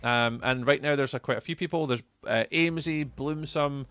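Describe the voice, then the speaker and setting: A man's voice: medium pitch, normal speed, a bit bright, clean tone. A man with a Scottish accent giving chatty live gameplay commentary as a streamer, answering viewers' chat messages aloud. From Scotland. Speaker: livestreamer.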